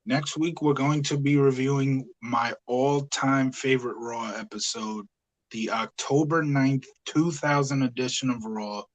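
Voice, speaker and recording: Man, casual podcast host, steady mid voice, chatty and relaxed. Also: medium pitch, a little slow, poor audio. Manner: talkative, easygoing, frequent "uh" and "yeah". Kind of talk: casual review chat.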